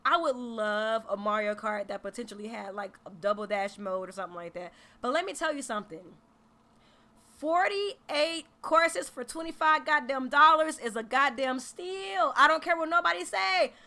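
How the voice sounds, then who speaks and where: Woman gaming streamer, high bright voice, animated, profane. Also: normal speed. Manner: animated, profane, emphatic, slangy. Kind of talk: casual livestream reaction.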